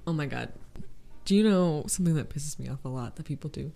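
A young woman from Oklahoma co-hosting a podcast in casual chat, telling animated stories with loud laughing bits. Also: deep voice, fast talker, vocal fry. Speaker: podcast co-host.

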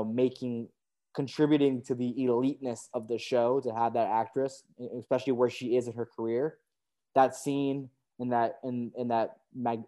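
A man's voice: medium pitch, darkish tone. A man co-hosting a podcast, enthusiastically talking through a TV episode in casual chat. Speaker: podcast co-host.

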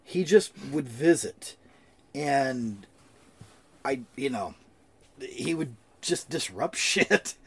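A man's voice: medium pitch, lively intonation, slow, long pauses, husky. A man co-hosting a podcast, telling loose, jokey stories in casual chat and swearing freely. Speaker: podcast co-host.

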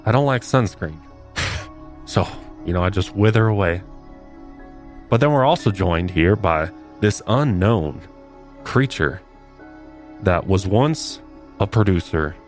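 A man's voice: sits low, lively intonation, takes it slowly, long pauses, soft background music. A man hosting a comedy podcast, telling a paranormal story with mock-dramatic flair. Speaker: podcast host.

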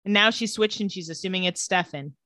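A woman co-hosting a casual recap chat, sarcastic and quick to laugh. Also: mid-range voice, pushed and bright, dry recording. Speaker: podcast co-host.

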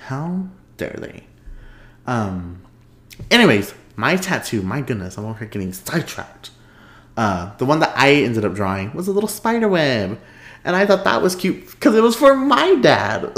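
Chatty man in an echoey room. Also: fairly low pitch. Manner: chatty, rambling, laughs often. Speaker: podcast host. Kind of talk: casual chat.

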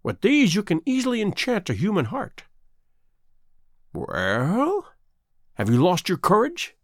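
Guy doing a mocking sea witch voice, higher than his own, swoops up and down, slow and drawn out, storybook style. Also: wildly swooping pitch, no echo, clean studio sound, full character voice. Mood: taunting. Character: cruel scheming female sea witch, mocking. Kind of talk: storybook reading.

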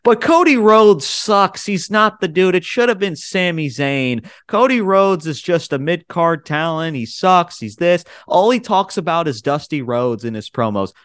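A man's voice: a little high, animated, unhurried, few pauses, a bit bright, clear, resonant tone, no echo, studio quality, voice pushed up. A man putting on the voice of a dismissive male wrestling fan, sneering and mocking.

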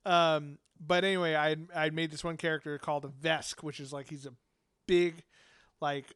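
A man's voice: a little high, flat delivery, moderate pace, a bit bright, clear, resonant tone, no echo, studio quality. A man chatting casually as a podcast host about running a tabletop game, rambling with lots of fillers and laughter. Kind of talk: casual chat.

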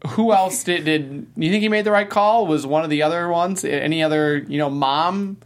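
A woman's voice: low-pitched, moderate pace. A woman hosting a casual panel chat, steering the talk with playful questions. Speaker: host.

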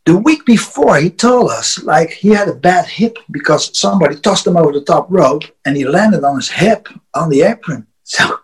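A Dutch man with a notably high voice tells a loose, profane road story as a podcast guest. He laughs often and restarts words as he goes. English is not his first language, and his Dutch accent is clear. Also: expressive, normal speed, few pauses, poor audio. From Netherlands. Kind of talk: casual storytelling.

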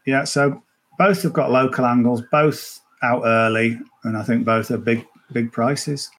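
A man's voice: mid-range voice, fairly even intonation, a little slow, a bit bright. A man chatting casually as a golf betting guest on a podcast, rambling with many restarts and fillers. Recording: remote, at the tournament venue.

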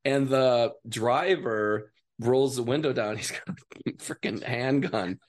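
Animated man telling road stories. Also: medium pitch, takes it slowly. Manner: animated storyteller, acts out voices. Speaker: actor guest. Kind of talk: casual storytelling interview.

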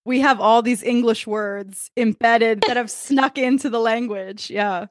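A woman's voice: fairly high pitch, steady tone, a little slow, no room sound, clean studio sound. A woman co-hosting a podcast, chatting in an easygoing way. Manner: laughing, easygoing. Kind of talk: casual chat.

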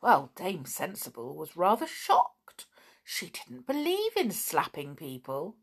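Woman storyteller, slow and animated, husky. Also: lowish voice. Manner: expressive, unhurried. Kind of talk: storybook reading.

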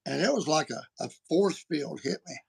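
Podcast host guy, gravelly voice, kinda high, folksy and chatty. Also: moderate pace. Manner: animated, folksy storytelling. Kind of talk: casual chat.

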